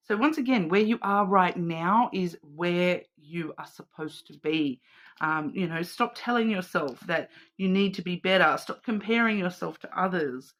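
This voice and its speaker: A woman's voice: on the low side, normal speed, fairly bright tone. A woman with an Australian accent doing a casual card reading, rambling with many fillers and restarts. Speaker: card reader.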